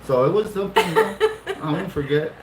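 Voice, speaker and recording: Animated man telling a laughing story. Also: fairly high pitch, fairly quick. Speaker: vlog co-host. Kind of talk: casual storytelling. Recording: echoey room with loud noise.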